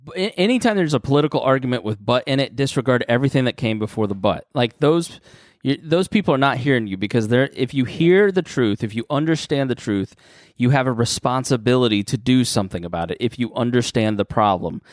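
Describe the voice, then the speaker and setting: A man's voice: mid-range voice, expressive, fast, no echo, studio quality. A man co-hosting a podcast who explains his view in an earnest way. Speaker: podcast co-host. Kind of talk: casual podcast chat.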